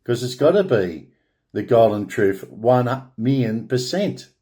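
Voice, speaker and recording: Slow, halting Australian man. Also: medium pitch, lively intonation, mellow. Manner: halting, restarts words, grandiose proclaiming. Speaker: online spiritual speaker. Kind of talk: rambling solo monologue.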